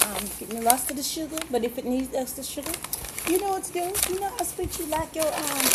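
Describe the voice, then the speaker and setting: Woman, home cook, high and leisurely, playful folksy patter, noisy kitchen sound. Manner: playful, folksy, chatty with the viewers. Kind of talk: cooking demonstration.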